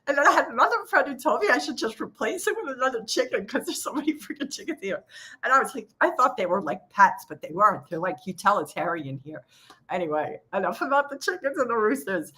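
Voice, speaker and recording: A woman hosting a casual live trading coaching session from her home office, chatty and quick to laugh. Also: a little high, lively intonation, pushed and bright. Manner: chatty, laughs often, acts out quoted voices. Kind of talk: casual live-stream chat.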